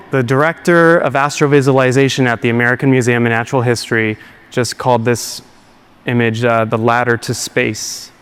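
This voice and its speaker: A man's voice: mid-range voice, fairly bright tone, clean tone. A man giving a keynote talk to a live audience, telling a story in an earnest way and getting choked up. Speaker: keynote speaker. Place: large hall before a live audience.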